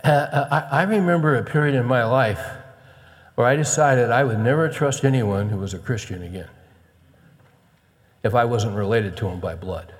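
A man's voice: moderate pace, big-room sound. A male pastor preaching a conversational sermon, moving from casual asides to emphatic encouragement. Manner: conversational, rising to emphatic urging, with quoted scripture read low.

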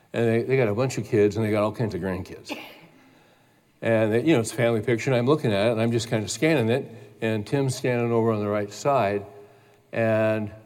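Man preaching a sermon in a reverberant hall. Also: medium pitch. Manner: storytelling, animated when quoting others. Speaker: pastor.

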